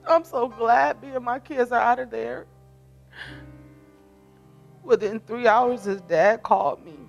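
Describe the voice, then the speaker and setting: Middle-aged woman, bereaved mother, testimony; tearful, emotional, fry in the voice. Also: on the high side, a little slow, highs cut off, soft background music. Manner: emotional, voice rising as she recounts. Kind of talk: personal testimony.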